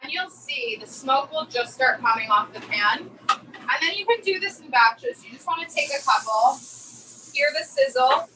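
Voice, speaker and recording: A woman chef from New Jersey in her thirties, telling a story in a chatty, animated way during a virtual cooking class. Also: high voice, moderate pace, recorded from a distance, a little hiss or hum, poor audio.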